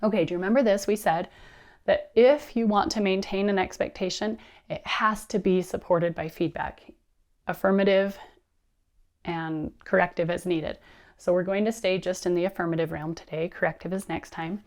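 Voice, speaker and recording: A woman in her thirties giving an animated lecture to teachers, telling a personal story with expressive delivery. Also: fairly low pitch, moderate pace. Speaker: teacher trainer.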